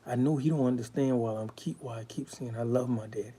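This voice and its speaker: Man with a very dark voice, blunt and raw. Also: mid-range voice, fairly quick, breathy edge. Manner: blunt and profane, speaks with raw emotion. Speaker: guest telling his life story. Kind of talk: candid storytelling.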